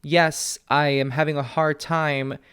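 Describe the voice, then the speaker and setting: A young man hosting a solo podcast from home, talking candidly and earnestly, often with a soft laugh. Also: a little high, flat delivery, takes it slowly, clean tone. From family from Peru. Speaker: podcast host, psychic medium. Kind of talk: reflective solo podcast talk. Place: at home with his dog.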